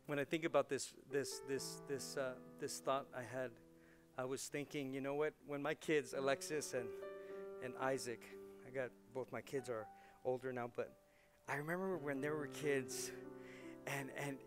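A man in his forties, a pastor preaching a lively sermon, laughing often and repeating words as he gets worked up. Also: mid-range voice, moderate pace, over music. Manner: animated, laughing, repeats words when excited.

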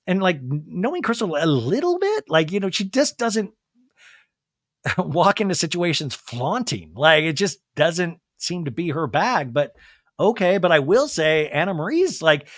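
A lively, gossipy man talks through a reality TV recap as a podcast host, with his voice sitting a little high and swinging all over. He acts out the people he quotes and swears freely. The sound is close and dry. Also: measured pace, no echo. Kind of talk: casual reality-TV recap commentary.

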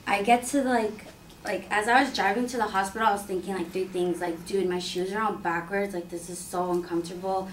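A young woman telling a personal story in a casual, filler-heavy, animated way. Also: mid-range voice, brisk, slight background noise. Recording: roomy sound from a distant mic.

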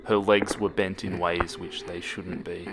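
Slow deep-voiced man narrating horror. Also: level tone, background noise. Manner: slow, hushed, dropping to near whispers. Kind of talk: scripted horror story narration. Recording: music bed under voice. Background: music.

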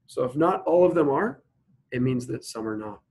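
A man teaching a logic lesson, working through examples one at a time and slowing down to spell each one out. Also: mid-range voice, animated, darkish tone, slight background noise, rough recording. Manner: explains step by step, asks students to pause and think; slows to spell out examples word by word. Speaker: instructor. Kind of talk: recorded logic lecture.

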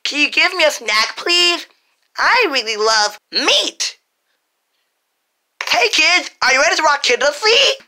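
A woman voicing a cheerful childlike toy tiger, with slow, bubbly, sing-song phrases for small children. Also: high voice, big pitch swings, pushed and bright, exaggerated voice.

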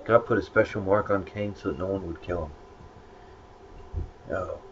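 A man's voice: deep voice, moderate pace. A man giving a casual Bible lesson, rambling and conversational with many fillers. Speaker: Bible study teacher. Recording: dull lo-fi recording with faint noise.

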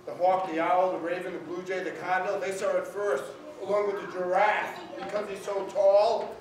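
A man in his sixties tells a story to a room full of schoolchildren, lively and playful as he calls on them for answers. He is picked up from far away in a very echoey hall, with clear background noise around him. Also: sits high, normal speed, hardly any pauses. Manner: animated, calls on the audience, playful.

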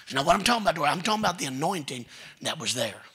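A man preaching a sermon in a church, his voice raspy and sharply bright. He speaks with a drawl and tells homely family stories, voicing each relative as he goes. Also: fairly high pitch, sing-song, very fast. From Texas. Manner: folksy storytelling preacher, quotes family members. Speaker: pastor. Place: church sanctuary.

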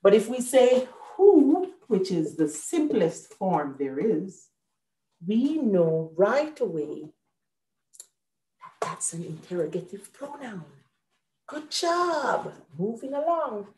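A woman's voice: mid-range voice, very animated, slow, warm tone, roomy sound. A woman hosting an online grammar lesson, patiently explaining each example step by step. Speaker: host and teacher.

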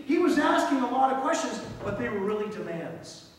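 A man with a high voice preaching in a church sanctuary, switching between reading verses and commenting on them dramatically. He is miked from a distance, so his voice rings through a long, echoey hall over a faint room hum. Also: sing-song, brisk, hardly any pauses. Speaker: guest preacher. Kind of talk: sermon.

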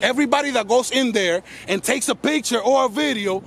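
A man's voice: very high-pitched, brisk, creaky, fairly bright tone. A man filming with a handheld camera outdoors, defiantly arguing and repeating himself. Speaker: camera-carrying auditor filming police. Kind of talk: confrontational street argument. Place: outdoors on a busy city street. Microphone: handheld camera mic. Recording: street noise on a camera mic. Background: traffic and street noise.

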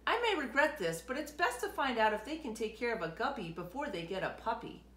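A woman voicing a patient older grape shopkeeper from a storybook, slow and thoughtful. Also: on the high side, very animated, a bit bright, echoey room.

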